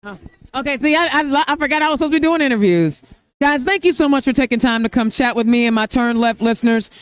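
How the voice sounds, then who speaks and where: A woman's voice: high-pitched, quick pace, clean tone. A middle-aged woman from Indiana, hosting a podcast interview on location at a campaign event, talking in an emotional, effusive way. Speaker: podcast host. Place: event venue.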